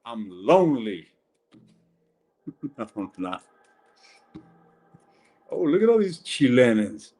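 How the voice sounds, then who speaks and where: A man's voice: medium pitch, wildly swooping pitch, takes it slowly, long pauses, darkish tone. A man giving a casual live-stream tarot reading, blunt and chatty, swearing and calling viewers ladies and gents.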